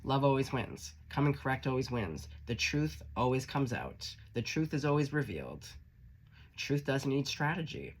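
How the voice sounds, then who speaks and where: A man's voice: mid-range voice, big pitch swings, normal speed, a little hiss or hum. A man giving a casual tarot reading, blunt and profane, playful and encouraging as he talks the listener through the cards. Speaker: tarot reader.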